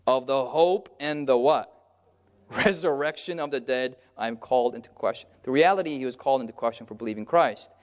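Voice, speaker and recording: A man preaching a sermon, pausing to have his listeners call out the missing word and acting out the crowds in brief voices. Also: mid-range voice. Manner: pauses on a word and asks the listeners "what?" so they call out the answer; lively, acts out the crowds in brief character voices. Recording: long hall reverb.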